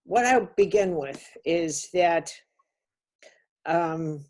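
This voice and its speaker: A woman telling a personal story on a webinar, earnest and halting, often restarting her sentences. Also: fairly low pitch, animated, darkish tone. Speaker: webinar speaker.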